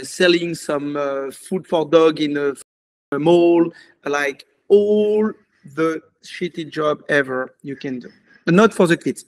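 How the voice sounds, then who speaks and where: Man with a French accent, non-native English, rambling and animated, slightly high voice, casual interview. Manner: animated, rambling, many fillers. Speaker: commercial filmmaker.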